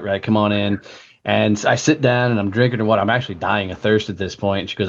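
A man's voice: lowish voice, quick pace, lo-fi sound. A man guest telling a blunt, profane story in a casual interview. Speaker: guest, entrepreneur.

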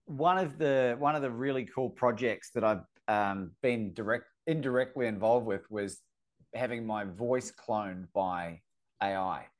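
A man's voice: on the low side, measured pace. Chatty New man on a call. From New Zealand. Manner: chatty, stumbles and restarts often. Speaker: host. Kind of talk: casual video-call conversation. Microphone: video call.

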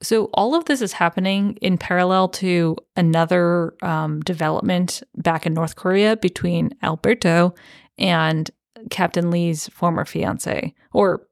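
A woman's voice: fairly low pitch, steady tone, unhurried, gravelly, no room sound, studio quality. A woman co-hosting a podcast, describing scenes of a TV show in casual chat with enthusiasm and frequent laughs. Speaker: podcast co-host.

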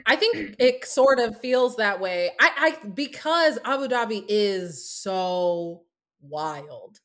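A woman co-hosting a casual podcast chat, telling stories in an animated, laughing way. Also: medium pitch, slow pace.

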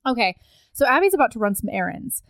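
A woman's voice: on the high side, big pitch swings, fast. A woman co-hosting a casual book chat, retelling plot points with gushing enthusiasm. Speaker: podcast co-host discussing a book.

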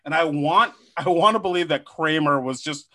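Man, podcast co-host, casual banter, jokey, slightly high-pitched voice. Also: moderate pace, bright, forceful tone. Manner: joking, slips into silly impressions. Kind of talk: casual chat.

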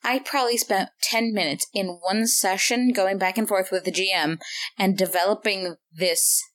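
Woman, casual podcast chat, animated storytelling, laughs often, medium pitch. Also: normal speed. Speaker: podcast co-host, tabletop gamer.

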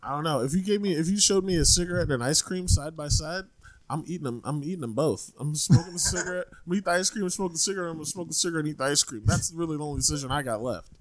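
A man's voice: a little high, racing. A young man co-hosting a podcast, chatting casually and comically, laughing often and swearing. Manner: animated, laughing often, profane. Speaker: podcast co-host. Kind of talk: casual comedic chat.

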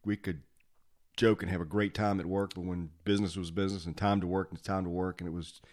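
Deep-voiced man telling stories. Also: quick pace. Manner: animated, acts out quotes, laughs often. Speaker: podcast host, former fire officer. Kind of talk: casual storytelling chat.

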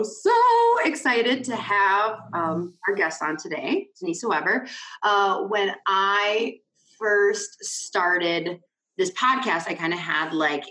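A woman's voice: medium pitch, sharp tone, echoey room, low-quality recording. A woman hosting a podcast in casual chat, bubbly and self-mocking, full of fillers. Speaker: podcast host.

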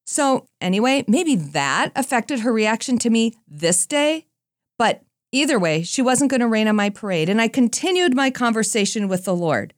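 A woman giving a Christian talk, telling a personal story in a lively, conversational way with self-deprecating asides. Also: on the high side, normal speed, no echo, studio quality. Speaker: Christian speaker.

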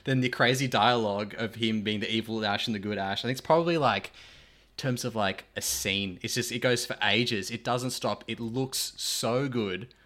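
A man co-hosting a podcast, talking excitedly about a film and laughing often. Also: fairly low pitch, normal speed. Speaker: podcast co-host. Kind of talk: casual movie chat.

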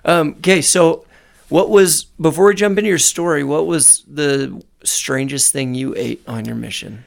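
A man's voice: fairly high pitch, moderate pace, gravelly. A man interviewing a friend on a podcast, playful and teasing in a casual way. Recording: intro over faint music.

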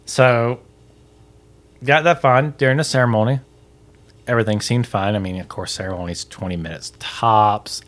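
A man's voice: medium pitch, lively intonation, normal speed, a bit bright. A man in his thirties co-hosting a podcast, telling a story in a dry, sarcastic way. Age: 30s. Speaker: podcast co-host. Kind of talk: casual chat.

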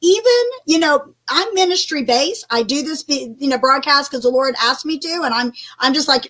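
Older woman, high voice, co-host on a faith broadcast, emphatic and lively delivery. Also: moderate pace, few pauses. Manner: animated, emphatic, many restarts. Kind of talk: casual faith talk chat.

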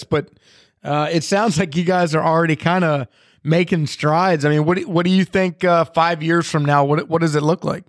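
A man's voice: fairly high pitch, dry recording, studio quality. A man hosting a podcast, chatting casually with lots of fillers and restarts as he shares views and asks questions. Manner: relaxed, filler-heavy, rambling. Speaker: podcast host. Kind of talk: casual interview chat.

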